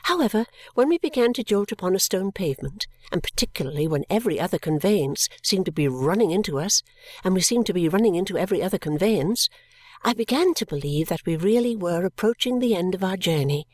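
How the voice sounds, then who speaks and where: A woman narrating a classic novel as an audiobook, with a tender, emotive reading and soft whispered touches. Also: fairly low pitch, lively intonation, fairly quick, dry recording.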